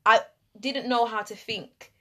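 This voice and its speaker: Animated woman telling a story. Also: a little high, a little slow. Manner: animated storytelling, acting out her inner voice and others' remarks. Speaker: podcast guest sharing a personal story. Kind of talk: casual podcast chat.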